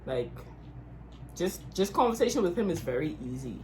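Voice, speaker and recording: A woman's voice: on the low side, big pitch swings, moderate pace, darkish tone, a little hiss or hum. A young Bahamian woman co-hosting a couples Q&A, chatting casually and laughing often. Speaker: YouTube couple co-host.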